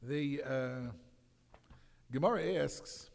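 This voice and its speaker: A man teaching a Torah class, lively and full of fillers, acting out the voices he quotes. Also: medium pitch, extremely slow, gravelly. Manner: animated, acts out quoted voices, many fillers. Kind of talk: Torah lecture. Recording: long hall reverb.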